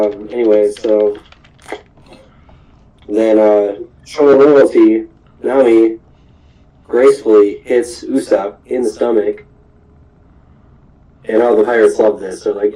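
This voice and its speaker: Brief: low-voiced man, unhurried, loose rambling recap of an episode. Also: steady tone, mellow, poor audio. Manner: rambling, many ums and restarts. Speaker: podcast host. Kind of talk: casual recap of a cartoon episode.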